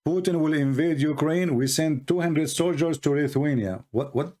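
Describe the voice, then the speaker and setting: Man, debater, mocking, combative, rhetorical questions, non-native English, slightly higher pitch. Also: normal speed, warm tone. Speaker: religious debater. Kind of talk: live call-in debate commentary.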